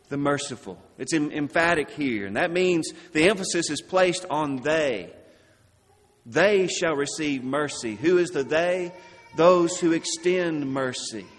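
A man preaching a sermon, slow and deliberate, dropping his voice low and soft on key words. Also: big-room sound.

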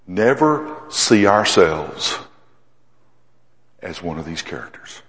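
A man preaching a sermon, rising to loud emphasis and then dropping to hushed asides. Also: sits low, very animated, slow pace. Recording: echoey hall with long reverb.

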